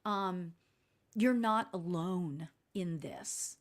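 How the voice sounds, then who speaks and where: Woman, spiritual medium, live-stream reading, soft reassuring delivery, lots of ums. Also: lowish voice, extremely slow. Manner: gentle, reassuring, many fillers.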